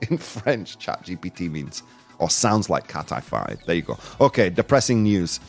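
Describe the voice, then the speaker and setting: A man's voice: deep voice, big pitch swings, measured pace, vocal fry, faint music behind. A man hosting a casual live-streamed news podcast, joking, rambling and laughing at his own jokes. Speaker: podcast host.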